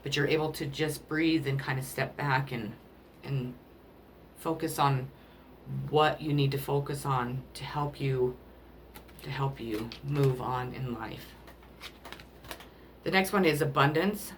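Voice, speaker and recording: A woman doing a spiritual card reading, emotional and rambling, often pausing to apologize as she talks to the listener about love. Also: very deep voice, a little hiss or hum. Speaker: tarot card reader.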